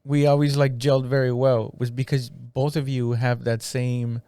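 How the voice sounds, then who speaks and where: A man's voice: mid-range voice, level tone, moderate pace, warm tone, clear, resonant tone, dry recording. A man hosting a comedy podcast, teasing his guest in crude, joking banter. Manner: teasing, crude, laughs a lot. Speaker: podcast host.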